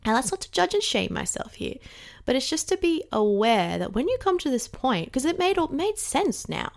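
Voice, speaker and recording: Casual gal w/ lots of vocal fry, just chatting super candid, loads of "like"s. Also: female voice, high-pitched, sing-song, normal speed. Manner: candid and chatty, many "like" fillers, occasional swearing. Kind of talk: casual reflective monologue.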